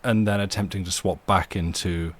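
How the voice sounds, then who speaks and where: A man's voice: deep voice, fairly even intonation, normal speed. A young man hosting a live reading stream, chatting casually at his home desk mic with a rambling, self-deprecating manner. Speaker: storyteller and stream host. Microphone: desk microphone.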